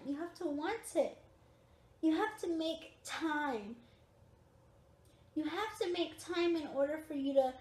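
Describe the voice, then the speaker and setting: A young woman with a high voice chats to her camera from her recliner late at night, sounding tired. She repeats her points with emphasis, and the room around her rings with echo. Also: a little mellow. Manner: chatty, repetitive, emphatic. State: tired, yawning. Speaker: vlogger. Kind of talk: casual chat to camera. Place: at home on a recliner.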